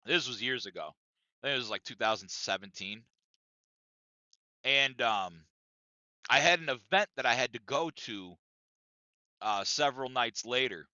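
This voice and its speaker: Bright, brash man telling a story. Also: mid-range voice, animated, a little slow, long pauses, no echo, dull audio. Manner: profane, emphatic, repeats himself. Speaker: podcast co-host. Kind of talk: casual storytelling rant.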